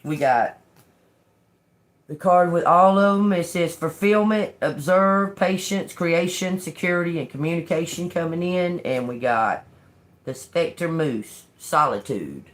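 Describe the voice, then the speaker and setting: Older lady doing a live tarot reading, slow and drawling, cussing and laughing a lot. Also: on the low side. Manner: slow, profane, confrontational, laughing. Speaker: tarot reader.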